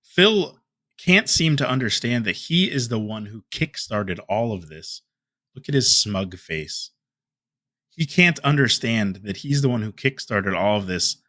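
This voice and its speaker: A man's voice: on the low side, a bit bright, no room sound. A man delivering heated commentary as a YouTuber, ranting and trading insults.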